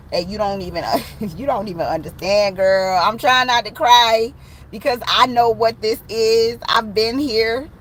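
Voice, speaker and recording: A woman giving a casual tarot reading, animated and slangy, swearing and laughing often. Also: medium pitch, slight background noise, poor audio. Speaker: tarot reader.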